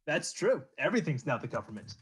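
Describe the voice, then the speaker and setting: A man's voice: on the high side, fast talker, husky. A man hosting a casual history podcast, telling the story with jokes and laughing along. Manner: lively storytelling with comic character voices and laughs. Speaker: podcast host narrating history.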